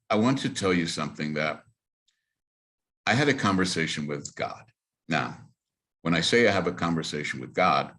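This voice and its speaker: A man's voice: rumbling low, fairly bright tone. A man, a rabbi, telling personal stories to a congregation in an earnest, emphatic way. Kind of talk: storytelling talk to a congregation.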